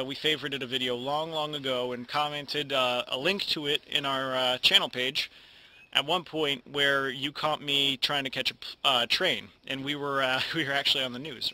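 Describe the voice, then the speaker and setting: A young YouTube host speaks casually to camera from home, his medium-pitched voice bright and forceful. He rambles and mumbles at times, with plenty of false starts and retakes.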